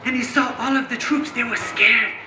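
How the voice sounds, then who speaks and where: A man telling a comic story live while juggling, animated and chatty with the audience. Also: very high voice, normal speed, noisy background. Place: live performance room. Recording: echoey room.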